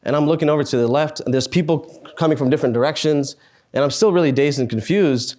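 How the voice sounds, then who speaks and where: A man in his twenties, speaking at a student meetup, telling a personal story in an earnest, halting way with sighs and pauses. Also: fairly high pitch, darkish tone. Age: 20s.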